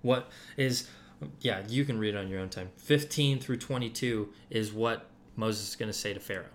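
A man's voice: on the low side, moderate pace, slight background noise. A man giving casual Bible teaching to a group, talking loosely with many fillers and restarts.

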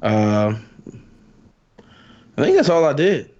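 A man co-hosting a casual podcast, easygoing and quick to laugh. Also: mid-range voice, huge pitch swings, darkish tone, dull audio. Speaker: podcast co-host. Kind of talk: casual chat.

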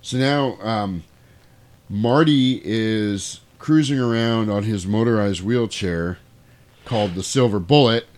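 A man's voice: on the low side, slow pace, darkish tone. A man recapping a movie in casual chat, breaking into exaggerated character voices and laughing as he goes. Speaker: podcast co-host recapping a movie.

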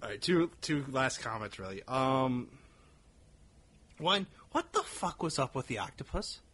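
A man's voice: medium pitch, big pitch swings, unhurried, fairly bright tone, husky. A man chatting casually as a podcast co-host, rambling with swearing and laughing at his own jokes. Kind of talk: casual chat.

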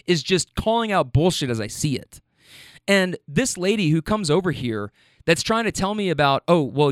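Profane ranting man, fairly high voice. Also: no echo, studio quality. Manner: profane, heated and animated, with frequent restarts. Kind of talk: casual storytelling rant.

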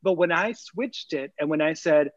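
A man's voice: on the high side, normal speed, slight background noise. A man telling a story in a casual group chat, with a joking manner. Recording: dull lo-fi sound.

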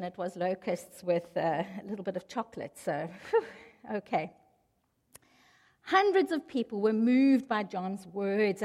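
A woman preaching a sermon, telling the story with lively asides. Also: sits high, long reverb tail.

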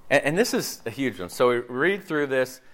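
A man's voice: medium pitch, moderate pace. A man preaching a conversational sermon as a minister, joking and quizzing the listeners. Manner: joking, animated, asks the room questions.

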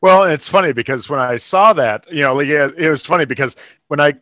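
Middle-aged male co-host, slightly high voice, wry and chatty, dry close mic. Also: brisk, fairly bright tone, dry recording. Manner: chatty, wry, acts out reactions. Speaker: podcast co-host. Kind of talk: casual chat.

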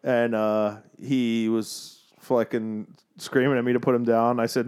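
A man's voice: mid-range voice, little pitch movement, a little slow, hardly any pauses, a little mellow, clear, resonant tone. A man co-hosting a casual podcast chat, telling profane stories and acting out the voices of people he quotes. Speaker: podcast co-host.

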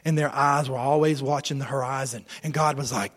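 A middle-aged male pastor preaching a sermon with animated delivery, acting out voices and swinging between loud and hushed. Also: mid-range voice, moderate pace, few pauses.

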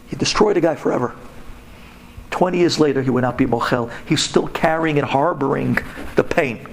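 A man giving a sermon-style storytelling talk to women, animated and emphatic, with pitch swinging sharply up and down. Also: moderate pace, vocal fry, a little hiss or hum.

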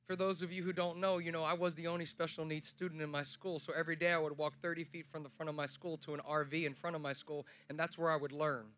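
A young man giving a sermon on a festival stage, telling stories and building to loud, emphatic preaching. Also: on the high side, level tone, fast talker, few pauses. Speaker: speaker at a Christian festival.

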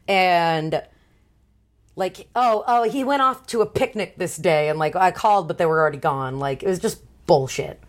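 A woman's voice: fairly low pitch, normal speed. A woman casually discussing a novel with a friend, peppering her talk with "like" and retelling scenes in quoted voices. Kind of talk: casual book recap chat.

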